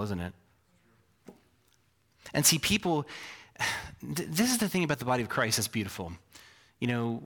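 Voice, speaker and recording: A man's voice: medium pitch, fairly bright tone. A man preaching a sermon as pastor, emphatic, with frequent rhetorical questions and self-deprecating asides.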